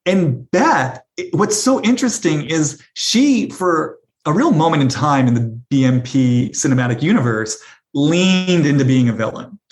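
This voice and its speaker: A woman's voice: sits low, lively intonation, measured pace, darkish tone. A woman hosting a podcast, talking in a reflective, analytical way and asking her guests for their views. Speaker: podcast host. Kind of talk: casual chat.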